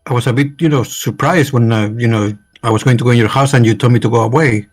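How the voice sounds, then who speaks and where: A man's voice: mid-range voice, fast, dry recording, soft background music. Man playing a character, hedging speech. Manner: hedging, many fillers. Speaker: player. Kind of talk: playing a character in a tabletop game.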